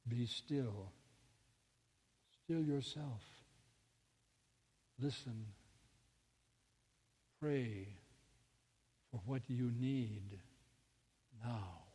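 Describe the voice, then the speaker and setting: A man voicing a hushed calm inner voice. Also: breathy edge, in a large hall. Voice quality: low, hushed and slow. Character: calm inner divine voice, steady and strong.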